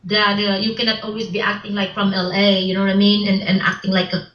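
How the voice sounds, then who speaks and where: Woman guest, halting, repeats herself a lot, echoey room, kinda muffled audio. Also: mid-range voice, flat delivery. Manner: halting, repeats words, non-native English grammar. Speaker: interview guest, filmmaker. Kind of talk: casual interview. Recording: roomy, dull lo-fi sound.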